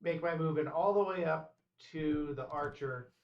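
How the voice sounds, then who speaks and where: A man playing a tabletop game, calmly describing his character's moves. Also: a little high, normal speed, roomy sound, lo-fi sound. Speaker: player. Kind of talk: casual game chat.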